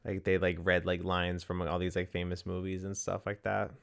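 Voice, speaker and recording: A man's voice: deep voice, little pitch movement, brisk, creaky, a bit bright, smooth. A young man co-hosting a movie podcast, chatting casually and rambling with lots of "like". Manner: rambling, heavy use of "like", laughs often. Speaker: podcast co-host.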